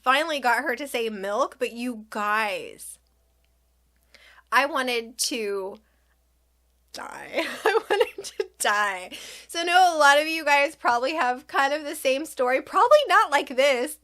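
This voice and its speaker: Slow-talking bright-voiced young mom. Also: female voice, high-pitched. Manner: animated, acts out quotes, laughs often. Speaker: vlogger. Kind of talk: casual storytelling to viewers.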